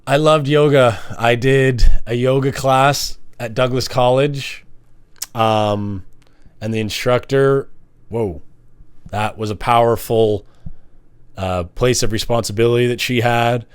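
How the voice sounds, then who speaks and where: A man's voice: mid-range voice, smooth, dry recording. A man talking casually to camera, telling personal stories and acting out the people in them. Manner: animated, acts out quoted voices. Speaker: vlogger. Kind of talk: casual storytelling monologue.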